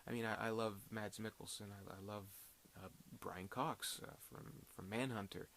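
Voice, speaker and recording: Male film reviewer, lowish voice, rambling casual delivery, light hiss on the track. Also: fairly even intonation, normal speed, creaky, a bit bright. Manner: rambling, full of fillers and restarts.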